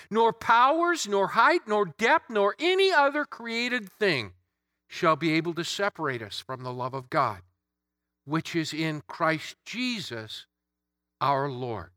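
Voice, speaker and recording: A man's voice: high voice, sharp tone, no echo, studio quality. A man preaching an Easter sermon, emphatic, building through repeated phrases.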